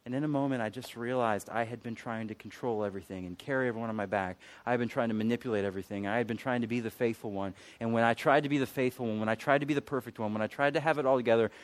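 A man pastor preaching a sermon in a candid, self-mocking storytelling manner, with sudden emphatic peaks. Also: medium pitch.

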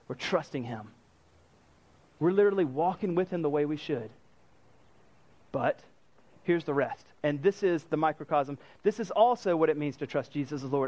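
Male pastor, fairly high voice, animated preaching style, dry close recording. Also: dry recording. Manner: animated, acts out quoted lines. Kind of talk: sermon.

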